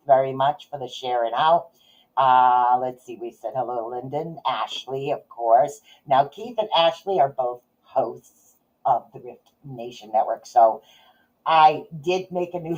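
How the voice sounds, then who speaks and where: A woman's voice: extremely low pitch, dark tone. A middle-aged woman hosting a casual livestream, chatting in a rambling way and laughing often. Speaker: podcast host and psychic reader. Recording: dull lo-fi audio.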